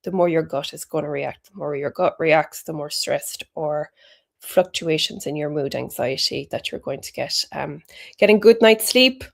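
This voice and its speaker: A woman's voice: low-pitched, moderate pace, gravelly. A woman giving a chatty, encouraging health talk. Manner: chatty and encouraging, with British slang. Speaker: health educator.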